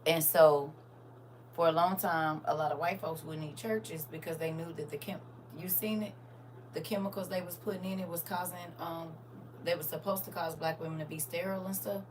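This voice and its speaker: A woman's voice: lowish voice, normal speed, background noise. A woman, chatting casually to viewers on a livestream and talking straight to them. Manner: animated, talks straight to viewers. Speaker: livestream host.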